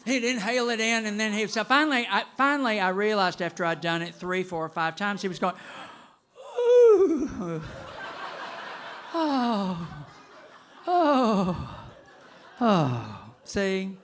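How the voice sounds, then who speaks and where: An older man telling a personal story to an audience in an animated, conversational way. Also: high-pitched, fast, hardly any pauses. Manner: animated and conversational, with vocal sound effects.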